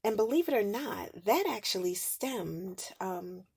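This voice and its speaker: Gravelly-voiced woman telling her story. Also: medium pitch, a little slow, no echo, clean studio sound. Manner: animated, emphatic storytelling. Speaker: podcast host. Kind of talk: personal storytelling talk.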